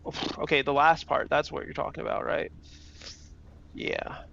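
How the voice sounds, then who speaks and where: A man's voice: on the high side, flat delivery, normal speed, creaky, pushed and bright. A young man streaming a sim race, chatting casually with his chat, reading messages aloud and swearing freely. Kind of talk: casual livestream chat while racing. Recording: dull, slightly lo-fi stream audio.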